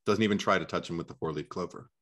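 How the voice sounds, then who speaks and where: A podcast co-host talks movies casually, telling stories in a frank, chatty way, laughing often and swearing freely. His voice is deep and a bit bright, and he speaks at a racing pace.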